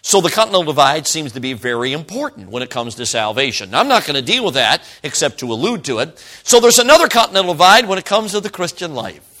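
A middle-aged man from Chicago preaches as a traveling evangelist, with a bright, forceful voice. His delivery is folksy and chatty, and he keeps turning to the congregation with questions and jokes. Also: on the high side, very animated, fast. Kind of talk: sermon. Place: church service.

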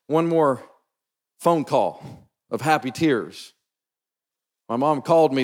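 A man preaching a sermon, telling a personal story in an earnest, emphatic, conversational way. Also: fairly high pitch. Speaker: pastor. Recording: long reverb from a large hall.

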